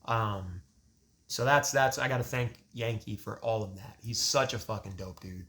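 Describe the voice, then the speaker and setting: A young man, a guest on a podcast, telling stories in an animated, casual way, laughing often and swearing freely. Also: lowish voice, moderate pace.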